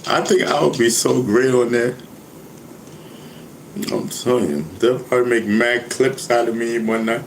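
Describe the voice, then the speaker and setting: A man's voice: medium pitch, moderate pace. A man talks in a loose, joking ramble, laughing often and checking in with his listener after nearly every sentence. His voice sits in an ordinary middle range for a man. The room rings with echo, and a faint background hum runs underneath. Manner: laid-back, laughing, keeps saying "you know what I mean". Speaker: rapper and vlogger. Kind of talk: casual rambling monologue.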